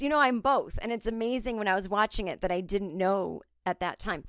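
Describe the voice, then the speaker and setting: A woman comedian telling a story in a casual, animated, profane and self-mocking way on a close mic. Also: medium pitch, fast, few pauses, clear, resonant tone, dry recording. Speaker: comedian and podcast host.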